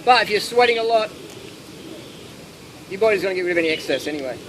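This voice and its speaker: Fielding audience questions at an outdoor festival, a high, light-voiced man talks fast and casually, acting out the characters in his animated anecdotes. The audio is poor, with steady background noise throughout.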